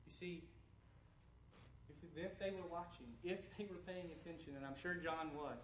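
A man preaching a sermon, shifting between loud proclamation and soft, hushed passages. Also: on the high side, normal speed, slight background noise. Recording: echoey room with faint background ambience.

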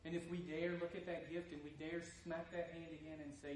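A man's voice: fairly high pitch, little pitch movement, a little fast, slight background noise. Man preaching in an echoey room. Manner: moves between loud proclamation and soft, hushed intimacy. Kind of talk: sermon. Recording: echoey room with faint background ambience.

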